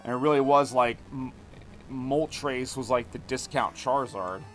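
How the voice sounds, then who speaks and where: A male streamer rambling through live gameplay commentary and talking back to his chat. His voice sounds bright and forward, at an everyday male pitch. Faint game music plays behind him. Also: a little slow. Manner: rambling, animated, talks to chat.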